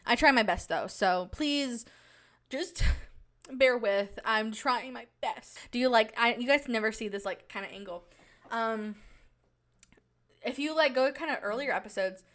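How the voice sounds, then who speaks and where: A woman's voice: fairly high pitch, unhurried, fairly bright tone. A nineteen-year-old woman hosting her own podcast from a small home studio, rambling and chatty with lots of fillers. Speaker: podcast host. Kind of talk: casual solo podcast chat.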